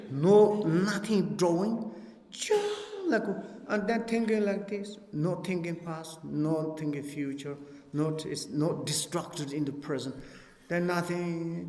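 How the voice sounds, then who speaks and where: In a retreat hall with long, echoey reverb, a high-voiced male Buddhist teacher gives a dharma teaching in broken, non-native English. He's lively, laughing often and acting out dialogues.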